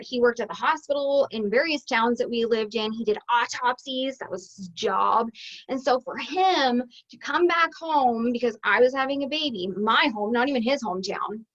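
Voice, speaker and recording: A woman with a high voice tells a personal story to her viewers, chatty and expressive. The recording sounds a little dull and lo-fi. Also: moderate pace. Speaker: business coach.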